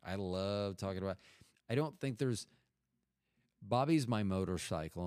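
A man's voice: low-pitched, darkish tone, dry recording, clean studio sound. A middle-aged man telling a rambling, profane story in casual talk, often cutting himself off. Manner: rambling, profane, self-interrupting.

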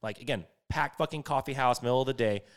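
Young guy telling a wild story, swears a lot, says like constantly, mid pitch. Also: fast, smooth. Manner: animated, swears a lot, many fillers. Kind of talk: casual storytelling.

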